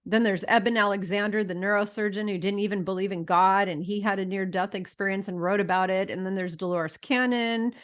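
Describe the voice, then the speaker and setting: A woman's voice: medium pitch, fairly even intonation, brisk, hardly any pauses. Emphatic, blunt-talking middle-aged woman. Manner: emphatic, blunt, swears freely, lectures the audience. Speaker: podcast host. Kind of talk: casual conversational interview.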